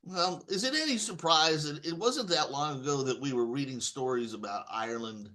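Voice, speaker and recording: A man's voice: on the high side, lively intonation, normal speed, sharp tone. A man from Texas ranting in a rambling stream-of-consciousness monologue, emphatic and repeating himself as he restarts his sentences. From Texas, USA. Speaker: political commentator.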